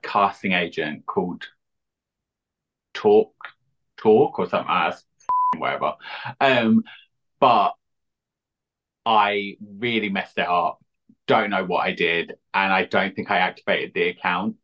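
A man, a drag queen chatting as an interview guest, cheeky and deadpan. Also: lowish voice. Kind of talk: casual interview chat. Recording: dull lo-fi audio.

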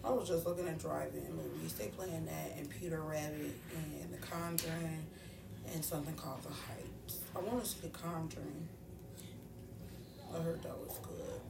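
A woman from Ohio co-hosting a podcast in a relaxed, teasing, chatty way. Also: deep voice, moderate pace, creaky. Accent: Midwestern US, Ohio. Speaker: podcast co-host. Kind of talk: casual chat. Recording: echoey room, distant mic, faint noise.

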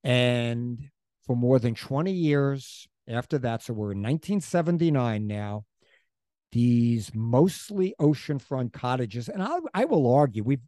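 A man, chatting his way through a local history story on a podcast. His voice is mellow and relaxed, and it sits dry and close. He rambles, restarts and drops in asides. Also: mid-range voice, unhurried, no room sound. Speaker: podcast co-host. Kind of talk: casual chat about local history.

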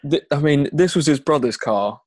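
A man's voice: on the high side, expressive, normal speed, a loud crowd. A man co-hosting a podcast, rambling through a long story, acting out the dialogue and laughing along the way. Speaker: podcast co-host. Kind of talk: casual anecdote telling.

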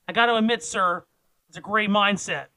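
A man's voice: high voice, normal speed, pushed and bright, smooth, no echo, poor audio. A man co-hosting a casual podcast, reading news aloud with teasing, dramatic build-ups. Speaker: podcast co-host.

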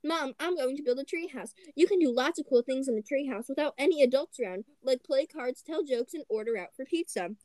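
Woman doing a bossy boy frog, storybook read-aloud, high voice, dry sound. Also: lively intonation, a little fast, hardly any pauses, darkish tone, no echo. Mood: excited. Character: cheeky young boy frog, eager and bossy.

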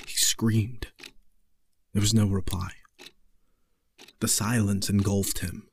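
A man narrating a horror story in a slow, measured way. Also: on the low side, dark tone, breathy edge.

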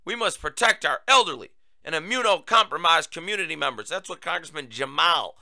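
Male talk-show host, raised pitch, very bright and lively, sarcastic monologue, dry close mic. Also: a little fast, gravelly, no echo. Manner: sarcastic, animated, addresses listeners as folks. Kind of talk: opinion monologue.

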